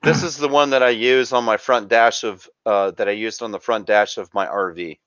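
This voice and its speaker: Smooth-voiced man explaining camera gear. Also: fairly low pitch, steady tone, normal speed, a bit bright, dry recording. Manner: rambling, explains gear with fillers. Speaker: show host. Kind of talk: casual chat. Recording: dull lo-fi dry sound.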